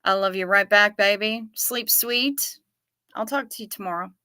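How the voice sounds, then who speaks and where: This livestream host is a woman who chats casually, reading out viewer comments and responding to each. Her bright, forceful voice is mid-range and resonant, clear, and moderately paced, captured close and dry without any room echo.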